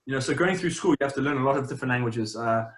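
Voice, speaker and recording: A young man with a South African accent talks loosely in an interview, circling back with fillers and half-started sentences. His voice sits at a middle pitch and carries a noticeable roomy echo. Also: very fast. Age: young adult. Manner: relaxed, rambling, many fillers and restarts. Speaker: interview guest, champion swimmer. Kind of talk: casual interview chat. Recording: roomy, echoey sound.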